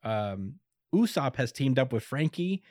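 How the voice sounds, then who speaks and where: A man's voice: mid-range voice, big pitch swings, unhurried, darkish tone, no echo, studio quality. A man in casual chat recapping an anime episode, laid-back and chuckly, with lots of fillers.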